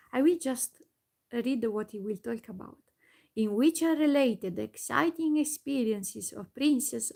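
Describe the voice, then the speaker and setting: A woman reading a storybook aloud in soft whispered storytelling, unhurried and sometimes stumbling on words. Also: a little high, creaky. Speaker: ASMR storyteller.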